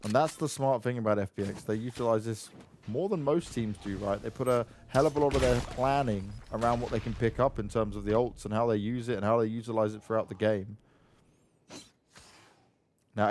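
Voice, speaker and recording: Excitable male esports caster over gunfire. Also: fairly low pitch, brisk. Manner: excitable, joking banter with co-caster. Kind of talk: play-by-play commentary. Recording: noisy game sound behind voice.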